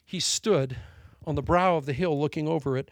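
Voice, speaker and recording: A man preaching a sermon as pastor, telling a story with animated delivery and laughing at his own jokes. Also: on the high side, moderate pace, no echo, studio quality.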